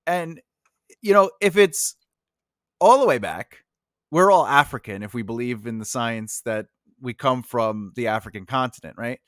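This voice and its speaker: A man's voice: medium pitch, animated, moderate pace, fairly bright tone, dry recording, clean studio sound. An American man, a guest author on a podcast, musing aloud in casual conversation. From United States. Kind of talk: casual interview chat.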